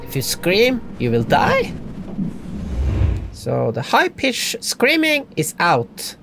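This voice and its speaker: A man doing let's play commentary, excitable and laughing often, dropping from loud yelps to hushed talk. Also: sits high, takes it slowly, soft background music. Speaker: gaming YouTuber.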